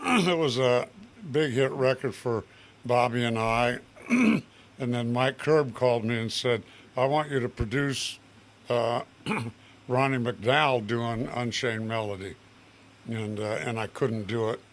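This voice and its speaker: An older man, a guest singer, chatting in a relaxed, halting way with many pauses and restarts. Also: mid-range voice. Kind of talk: relaxed studio chat.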